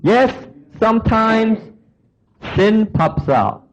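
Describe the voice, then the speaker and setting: Male preacher, sermon, slow deliberate delivery, big swoops in pitch, slightly dull lo-fi sound. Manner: animated, acts out voices of people and God.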